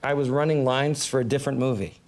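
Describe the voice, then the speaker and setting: A man's voice: mid-range voice, steady tone, quick pace. A man telling a long funny story as a talk show guest, laughing often and acting out the voices of other people. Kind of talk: animated anecdote telling.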